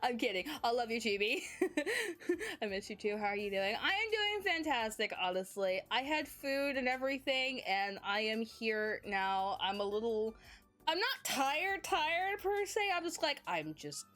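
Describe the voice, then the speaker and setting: A bubbly woman streamer chatting casually with her viewers, her pitch bouncing all over as she goes. She giggles often, and her voice sits a little high. Soft music plays faintly behind her. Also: very animated, unhurried.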